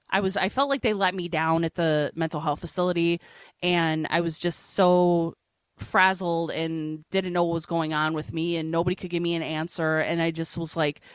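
A woman gives an interview in a candid, personal way. Her voice sits a little low, and her speech is halting and earnest, with many restarts. The sound is dry and close, with no room echo. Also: clean tone. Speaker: interview guest.

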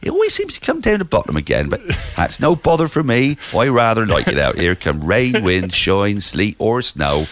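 A man's voice: on the low side, huge pitch swings, moderate pace, hardly any pauses, fairly bright tone. A man voicing a contented rustic fellow in a West Country accent, talking in a folksy drawl. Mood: cheerful. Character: cheerful rustic man rolling a boulder.

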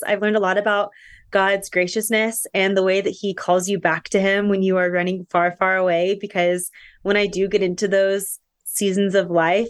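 A woman's voice: medium pitch, dry recording, clean studio sound. A young woman as a podcast guest, talking candidly and reflectively about her faith and personal struggles. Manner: earnest, reflective, faith-centred talk.

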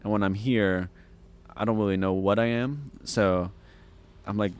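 Relaxed young man from France. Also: on the low side, unhurried. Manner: animated storyteller, acts out quoted voices. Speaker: guest. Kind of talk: casual storytelling.

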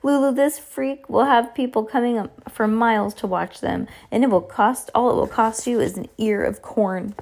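A woman's voice: fairly high pitch, normal speed, creaky, few pauses, a little mellow, pitched above the performer's own voice. A woman voicing a bald male henchman who jeers and mocks. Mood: jeering. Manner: jeering.

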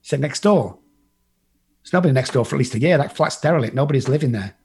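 An Englishman tells a group his personal recovery story, blunt and profane, acting out the voices of the people in it. His medium-pitched voice moves fast with lively intonation, a darkish tone, vocal fry and a breathy edge.

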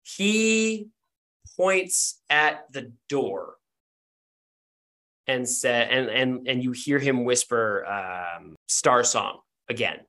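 A man's voice: medium pitch, animated, very slow, long pauses, sharp tone. A man narrating as game master in a casual, rambling way with many fillers.

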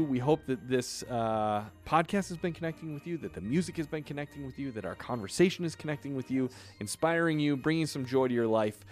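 A man's voice: mid-range voice, expressive, fairly quick, few pauses, a little mellow, soft background music. A man co-hosting a casual podcast, telling stories in a chatty way and laughing often. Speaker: podcast co-host. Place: California.

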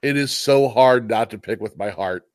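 This man's voice sits at medium pitch and moves at a normal speed, recorded with no room sound. He co-hosts a sports podcast, offering earnest, analytical points with some stammering in casual sports chat.

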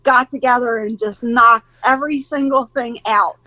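A woman in her forties with a high, bright voice, chatting in an interview. She is an animated storyteller who acts out other people's lines and laughs easily. Her voice is recorded close and dry, with no room sound. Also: moderate pace, no echo, poor audio. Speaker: guest, mother of young skateboarders. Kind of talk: casual interview chat.

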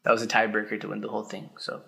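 A young man co-hosting a podcast, chatting casually with friends in a rambling way full of pauses and filler words. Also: lowish voice, monotone, vocal fry, pushed and bright. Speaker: podcast co-host. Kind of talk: casual chat among friends.

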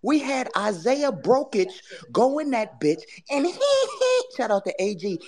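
A woman hosting a sports podcast, ranting in casual talk with profane, taunting trash talk that swings between loud jabs and low mutters. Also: very animated, unhurried, crowd noise. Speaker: podcast host.

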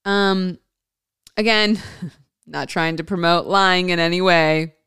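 A woman's voice: fairly low pitch, steady tone, takes it slowly, a bit bright, smooth, no room sound, clean studio sound. A woman actress chatting to her viewers in a casual storytelling vlog, talking freely and laughing often. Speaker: actress and vlogger.

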